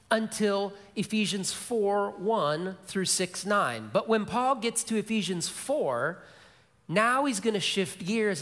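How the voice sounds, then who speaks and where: A middle-aged male pastor preaching a sermon, telling stories and dropping to a soft, low voice for emphasis, with repeated key phrases. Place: large church sanctuary. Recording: long church hall reverb.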